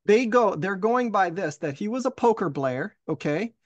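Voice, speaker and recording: Man co-host explaining an on-screen article, earnest, fairly high voice, dry close sound. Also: expressive, moderate pace, no echo. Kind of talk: walking through an article on screen.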